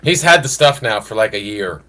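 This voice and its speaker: A man co-hosting a podcast in casual banter, a father who trades dry, teasing deadpan quips. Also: on the low side, normal speed. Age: adult, father of a son. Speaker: podcast co-host.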